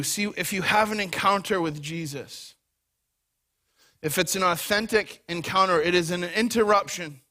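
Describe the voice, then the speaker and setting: A man with a high, bright voice preaches to his congregation in a church. He speaks in an energetic, conversational way, with quick bursts of words. His tone is edgy and forceful. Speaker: pastor. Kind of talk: sermon. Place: church hall before a congregation.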